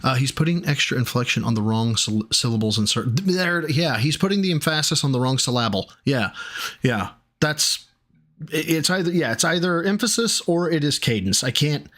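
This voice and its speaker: A man streaming, pausing a clip to talk back at it in exasperated, profane casual commentary. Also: a little high, lively intonation, fairly bright tone. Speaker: streamer reacting to a video.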